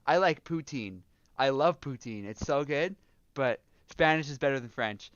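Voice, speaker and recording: A man's voice: mid-range voice, lively intonation, moderate pace, a bit bright, clean tone, no echo, highs cut off. A young man from Canada chatting casually on a game livestream, joking and swearing with frequent laughs. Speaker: streamer.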